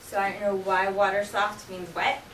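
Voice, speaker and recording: A woman's voice: medium pitch, little pitch movement, moderate pace, a bit bright, recorded from a distance. A woman teaching a sign language class, explaining vocabulary patiently and checking in with her students often. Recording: roomy classroom from afar, faint noise.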